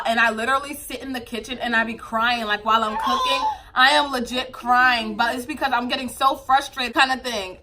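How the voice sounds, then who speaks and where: A young woman talks to her camera in a casual confessional vlog, speaking in with a bright, forceful tone. Her voice sits a bit high, and her talk is candid and emotional, full of fillers. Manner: emotional, tearful at times, candid, lots of fillers. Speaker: vlogger, new mother.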